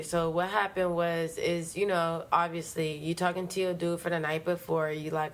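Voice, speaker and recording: A woman's voice: lowish voice, measured pace, few pauses. Brash woman telling a wild story. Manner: animated, profane and slangy, acts out her own past lines. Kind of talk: casual storytelling.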